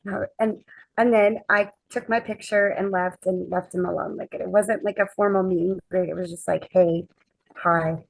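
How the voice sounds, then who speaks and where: A woman guest on a chat podcast, telling a lively anecdote and acting out the quoted dialogue. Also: medium pitch, normal speed, vocal fry, no echo, low-quality recording. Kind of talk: casual storytelling chat.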